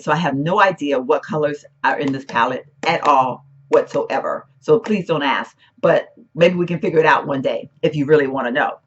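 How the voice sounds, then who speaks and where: A hoarse woman rambles through a casual makeup chat, her cracking voice captured on a dull, lo-fi home recording. She jumps from thought to thought and cuts herself off mid-sentence. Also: low-pitched, fairly bright tone. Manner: rambling, chatty, self-interrupting. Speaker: beauty vlogger. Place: room at home, once a bedroom.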